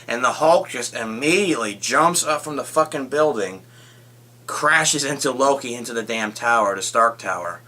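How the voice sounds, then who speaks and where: A young man giving a casual, rambling movie review vlog, retelling scenes excitedly and swearing often. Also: medium pitch, moderate pace.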